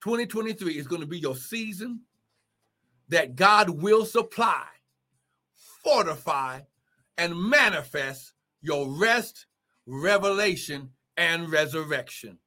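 In a livestreamed sermon, a male preacher speaks slowly with a high, bright, forceful voice and lively intonation. He preaches fervently, bursting into exclamations and repeating key phrases.

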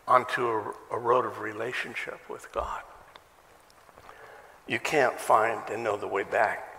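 Gravelly, forceful male pastor preaching. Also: mid-range voice, big-room sound. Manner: conversational preaching, asks many questions, self-deprecating asides. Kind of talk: sermon. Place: church sanctuary.

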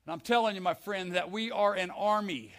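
An older man preaching a fiery sermon in a church, building up to shouts. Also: high voice, fairly quick. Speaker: pastor.

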